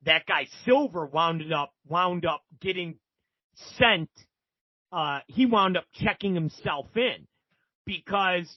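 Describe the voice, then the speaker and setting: A man's voice: high-pitched, no room sound, highs cut off. A man as a podcast guest, telling rambling, profane stories with many restarts. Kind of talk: casual storytelling.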